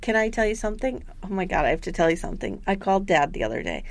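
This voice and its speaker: A woman co-hosting a casual podcast, recapping an episode with animated storytelling and squealed voices for the people she quotes. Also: medium pitch, rapid-fire, no room sound. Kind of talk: casual chat.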